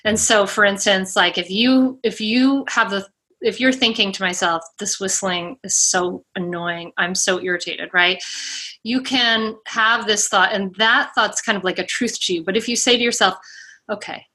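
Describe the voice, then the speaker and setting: A woman's voice: mid-range voice, normal speed, sharp tone. A woman guest explaining mindful parenting in a casual interview, chatty and full of fillers, giving examples as she talks.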